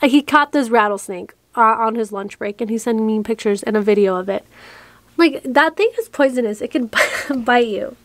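A woman's voice: fairly high pitch, moderate pace, no room sound. A young woman vlogging in a chatty, rambling way, a little out of breath, talking to her camera in a cluttered room. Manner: rambling, breathless, restarts often. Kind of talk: chatty get-ready-with-me vlog. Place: small cluttered room indoors.

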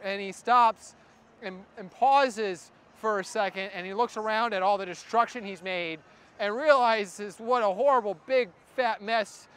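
High pitched woman spinning a goofy story, lively and playful. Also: clear, resonant tone. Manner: animated, playful, acts out voices. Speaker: comedy performer. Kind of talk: comic storytelling.

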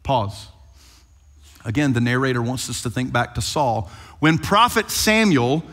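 A male pastor preaching an animated sermon and retelling scripture playfully. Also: medium pitch, measured pace. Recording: long hall reverb.

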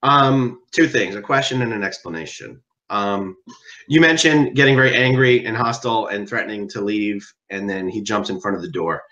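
A man's voice: lowish voice, moderate pace, bright, forceful tone, recorded from a distance, dull audio. A man hosting an interview, speaking conversationally and asking follow-up questions. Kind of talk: casual interview.

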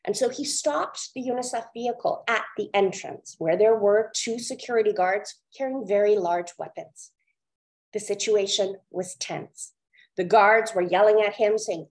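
A woman from India giving an earnest, measured storytelling talk on a webinar over a video call. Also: medium pitch, a little mellow, poor audio. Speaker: webinar speaker.

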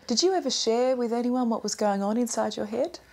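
A woman's voice: fairly high pitch, fairly quick, darkish tone. An Australian woman TV interviewer asking direct questions.

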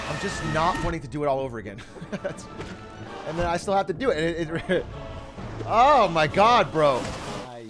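A young man talks through his gameplay on a live stream, berating himself with swearing and rueful laughs. His voice sits high and swings widely in pitch. Game music plays clearly behind him. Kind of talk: live gaming stream commentary.

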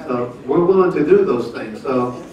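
A man in his seventies, pastor of the church, recounts his marriage in a folksy, laughing story during a service of testimony and announcements. His mid-range voice is expressive and moderately paced. Recorded from afar in the echoey sanctuary, the audio has its highs cut off.

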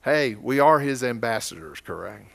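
A man's voice: medium pitch, animated, moderate pace, creaky. A man with an Oklahoma accent preaching a sermon as pastor, telling stories in a folksy, conversational way.

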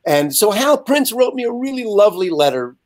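Older guy in his 70s telling a story on a video call, bit high voice, animated. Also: brisk. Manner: lively, animated storyteller with frequent asides. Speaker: guest. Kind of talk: casual anecdote storytelling.

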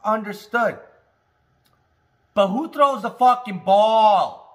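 A man hosting a casual cannabis talk, high and rambling, swearing freely, joking and coughing between lines. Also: slow pace, fairly bright tone. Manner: rambling, profane, jokey, with laughs and smoker's coughs. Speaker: cannabis review host. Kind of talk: casual stoned monologue.

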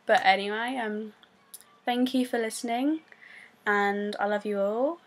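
A young woman with a British accent, telling a story to camera in a rambling, excitable way full of fillers. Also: fairly high pitch, measured pace. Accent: British English. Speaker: vlogger.

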